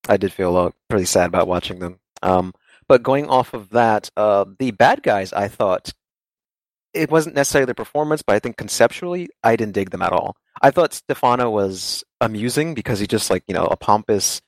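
A man's voice: lowish voice, animated, brisk, no room sound. A man chatting casually about games, rambling and laughing easily. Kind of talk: casual game discussion.

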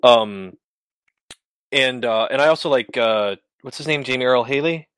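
A man's voice: medium pitch, normal speed, fairly bright tone, clear, resonant tone, no echo. A man talking bluntly and casually about games, swearing now and then. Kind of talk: casual game discussion.

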